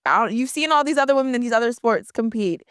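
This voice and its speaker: A woman's voice: fairly high pitch, expressive, fast talker, clear, resonant tone, no echo, clean studio sound. A woman hosting a casual podcast interview, asking questions in an upbeat, playful way. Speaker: podcast host.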